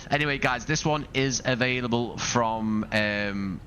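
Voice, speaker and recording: A man's voice: mid-range voice, a little slow, a bit bright, a little hiss or hum. A man from Liverpool with a Scouse accent, chatting casually while live-streaming a flight simulator, rambling and thinking aloud with asides to his viewers. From Liverpool, England.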